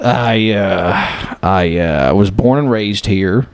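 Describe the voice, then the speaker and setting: A man's voice: fairly low pitch, pitched below the performer's own voice. Man doing a bumbling drawling salesman. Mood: rambling. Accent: put-on West Texas drawl. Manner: hesitant, halting, full of uhs. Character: bumbling male job applicant salesman, eager.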